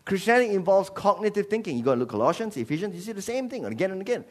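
A man preaching a sermon as pastor, animated and jokey. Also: sits high, very fast. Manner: animated, jokey, switches into voices.

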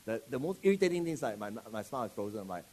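A man preaching a sermon, animated and joking, quizzing his congregation with questions. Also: mid-range voice, racing.

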